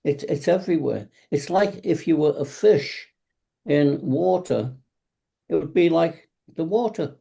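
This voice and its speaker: A man's voice: fairly high pitch, expressive, a little slow, vocal fry, dark tone, slightly rough. A man who teaches tai chi and qigong, chatting on a video call in a rambling, anecdotal way and acting out the lines of the people he talks about. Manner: rambling, anecdotal, acts out cab drivers' lines. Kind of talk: casual online panel talk.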